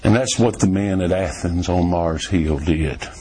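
A man preaching a sermon in a folksy, storytelling way, swinging between emphatic raised lines and low, quiet ones. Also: a little slow, slightly rough.

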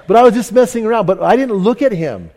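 A male pastor delivering a sermon to his congregation, his voice sitting a little high. He tells stories in an animated, self-mocking way, often stopping and restarting his sentences. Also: fast. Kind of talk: sermon with anecdote. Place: church service.

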